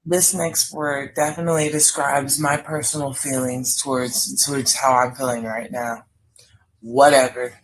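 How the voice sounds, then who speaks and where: A woman's voice: very deep voice, level tone, low-quality recording. A woman co-hosting a live stream, leading a word game and answering her co-host with exasperated teasing. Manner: slow, deliberate, exasperated teasing. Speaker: co-host running word games. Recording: faint background noise.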